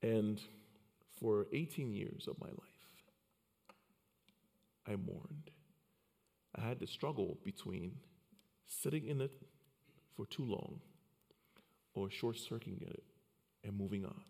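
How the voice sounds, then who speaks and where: A man from Liberia in his forties speaks with a low voice and earnest storytelling. He often repeats a word or two as he starts a thought. His voice has a long reverb around it, as if he is speaking in a large hall. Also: slow pace, gravelly, pauses often, warm tone. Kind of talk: personal storytelling talk.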